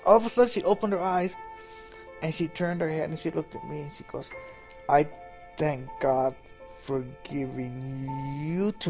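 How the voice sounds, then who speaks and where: An older man telling an emotional story about caring for his mother, animated and acting out the voices he quotes. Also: medium pitch. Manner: animated, imitates voices when quoting.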